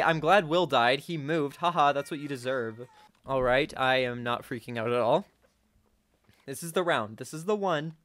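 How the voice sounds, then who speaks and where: A man giving casual gameplay commentary, talking to himself and breaking into sudden high-pitched outbursts at a desk microphone. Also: moderate pace, a bit bright, soft background music. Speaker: gaming channel host.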